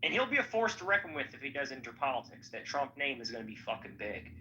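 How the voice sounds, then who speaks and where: Bright-voiced, profane man in casual chat. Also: mid-range voice, fast talker. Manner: profane, rambling, animated. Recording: slightly dull audio with faint background noise.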